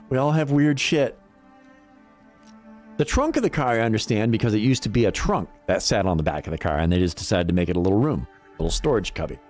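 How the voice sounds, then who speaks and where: Man, middle-aged, casual stream chat, profane, rambling, lively pitch, faint background music. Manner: profane, rambling, laughing often. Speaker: livestream gamer.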